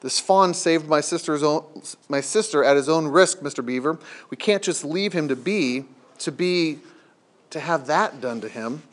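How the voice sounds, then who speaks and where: A man's voice: a little high, moderate pace, close to an everyday voice. A man voicing an impulsive boy who stammers in his hurry, while reading a storybook aloud. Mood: urgent. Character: impulsive boy, eager and frustrated.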